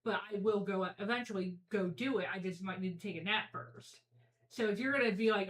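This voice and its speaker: A woman's voice: mid-range voice, brisk, reverberant, far from the mic, rough recording. A woman talking frankly and bluntly as a guest in a casual chat, swearing freely. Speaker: podcast guest.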